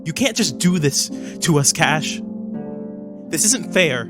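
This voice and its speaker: A man's voice: mid-range voice, slow, over music, lightly acted. A man voicing a distraught adult woman confronting her brother in a tabletop game, pleading and accusing. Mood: hurt, angry.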